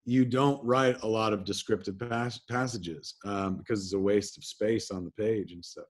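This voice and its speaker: Man from New Jersey, interview guest, lowish voice, casual storytelling, animated, swears a lot. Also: normal speed. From New Jersey, USA. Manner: animated anecdotes, acts out quotes, swears freely. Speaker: interview guest, filmmaker and comics writer.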